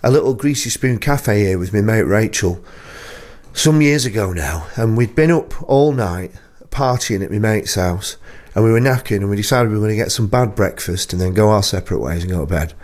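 A man's voice: fairly low pitch, animated, normal speed, darkish tone. A man presenting a radio show, chatting casually as a rambling, self-deprecating storyteller into a studio microphone.

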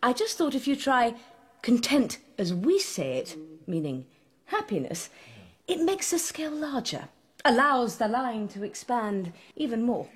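A gently hesitant actress, husky, expressive, period drama. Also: female voice, fairly high pitch, unhurried, exaggerated voice. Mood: tactful. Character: tactful young English actress.

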